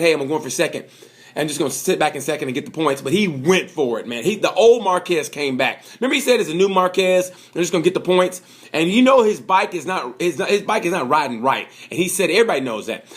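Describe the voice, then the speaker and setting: A man's voice: on the high side, fairly bright tone. Rambling, chatty man reviewing a race. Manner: chatty, rambling, heavy with fillers and asides; enthusiastic, repeats his points. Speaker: vlogger reviewing a motorcycle race. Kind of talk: casual rambling commentary to camera.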